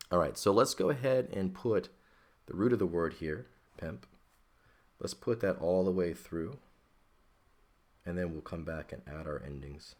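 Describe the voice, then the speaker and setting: A man teaching a Greek grammar lesson, working patiently step by step and often checking in with "okay?". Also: low voice.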